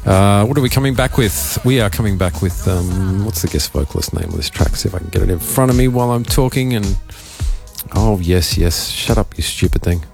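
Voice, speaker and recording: A man with an Australian accent hosting a live dance radio show, rambling loosely with plenty of fillers and a croaky voice. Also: sits low, brisk, music in the background. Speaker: radio host and DJ. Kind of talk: casual live radio talk. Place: radio studio.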